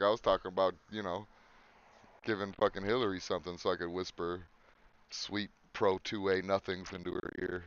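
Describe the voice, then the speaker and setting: A man's voice: sits low, fairly quick, fairly bright tone, smooth, lo-fi sound. A man with a Chicago accent trading crude, profane jokes as a podcast co-host. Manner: crude, joking, profane banter. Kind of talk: casual chat.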